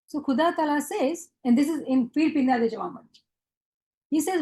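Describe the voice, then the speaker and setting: A woman's voice: sits high, brisk, dark tone, low-quality recording. A woman leading a devotional teaching session. She asks her listeners questions and answers them herself, slipping into Gujarati and Hindi phrases.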